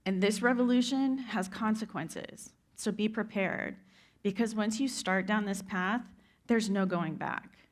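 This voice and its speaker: A woman's voice: medium pitch, measured pace. A woman delivers a motivational talk on stage. She tells her story with heartfelt conviction and often turns to address the listeners directly. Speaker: keynote speaker. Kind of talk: inspirational speech. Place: event stage before a live audience.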